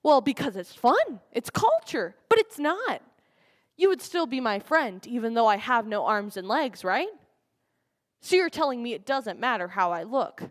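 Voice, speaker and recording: A woman giving a dramatic recited speech at a school program, swinging between forceful declarations and hushed, quiet lines. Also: fairly high pitch, very animated, normal speed. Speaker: student speaker at a school program.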